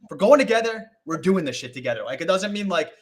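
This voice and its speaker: A young man telling a rambling story as a guest on a live video call, animated and full of swearing and acted-out quotes. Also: high voice, fast talker. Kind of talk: casual storytelling on a live stream.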